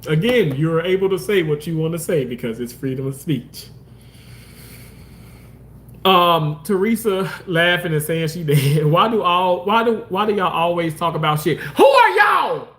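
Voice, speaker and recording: A man hosting a casual livestream, reading comments and talking loosely, swearing often and jumping into exaggerated mock voices. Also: moderate pace. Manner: animated, swearing, swings into high mock voices. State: homeless, says so. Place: outdoors park.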